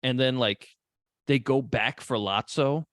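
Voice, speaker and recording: A man co-hosting a casual movie podcast, animated and profane, acting out characters' lines as he talks. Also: medium pitch, measured pace, no echo, studio quality. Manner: animated, swears a lot, acts out characters' lines. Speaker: podcast co-host.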